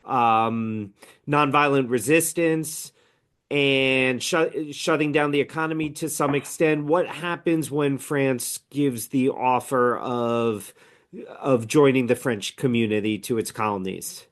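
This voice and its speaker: A man at a middle pitch hosts the interview, putting short questions to his guest. He cuts in now and then to clarify points for his students. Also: takes it slowly. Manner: brief prompting questions. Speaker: interview host and teacher.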